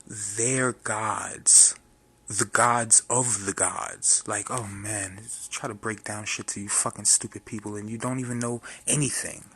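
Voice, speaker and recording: A man's voice: fairly low pitch, pushed and bright, slightly rough. A man vlogger delivering a confrontational, profane, preachy rant to his viewers. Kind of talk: ranting monologue.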